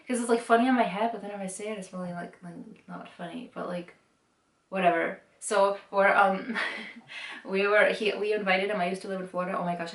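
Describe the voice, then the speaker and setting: A woman's voice: mid-range voice, a bit bright, echoey room, far from the mic. A young woman rambling self-consciously in a casual monologue to camera, full of fillers and second thoughts. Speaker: vlogger answering typing questions.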